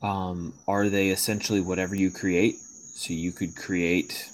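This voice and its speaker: A man acting as game master of a tabletop game, talking through the rules in a measured way with hesitant fillers. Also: deep voice, little pitch movement, slight background noise, low-quality recording.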